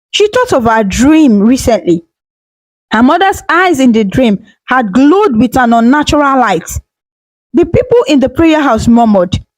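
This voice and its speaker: A woman storyteller narrating a scripted folktale in a steady, dramatic way on a close microphone. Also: high voice, dry recording, low-quality recording.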